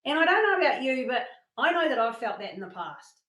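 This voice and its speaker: A woman with a fairly high voice presents a motivational masterclass. She tells her stories with plenty of energy and acts out what people said. The room around her has a noticeable echo. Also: fairly quick. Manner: animated storytelling with acted-out quotes. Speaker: workshop presenter.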